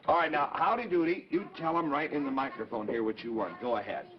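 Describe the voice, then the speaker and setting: A man's voice: medium pitch, fast talker, hardly any pauses, husky. A man hosting a live 1950s children's TV show, cheerfully talking with kids in the audience, heard through a dull old broadcast recording with faint hiss. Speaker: children's TV host.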